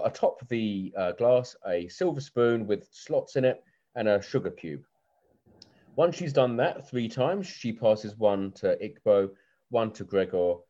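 A man narrating as game master of an online tabletop role-play, hesitant with many pauses and fillers. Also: fairly low pitch, a little mellow, lo-fi sound. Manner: hesitant, many ums, jokey banter.

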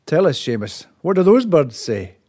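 A man voicing a proud island chief who commands his son and shouts in anger. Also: on the high side, very animated, moderate pace, breathy edge, voice pushed up. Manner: commanding, bursts into loud anger. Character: proud, quick-tempered island chief, father.

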